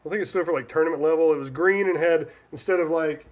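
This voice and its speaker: Talking quickly, a Northern California man hosting a casual stream reads out questions from viewers and responds to them individually. His pitch is a bit high for a man, and his rambling speech is full of dropped and restarted sentences.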